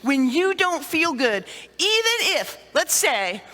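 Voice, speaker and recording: A middle-aged woman speaking to a conference audience, telling lively stories and acting out sighs and little scenes. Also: high-pitched, slow. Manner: animated storyteller, acts out sighs and little scenes. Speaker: conference speaker on dementia care. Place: conference hall. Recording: long reverb of a hall.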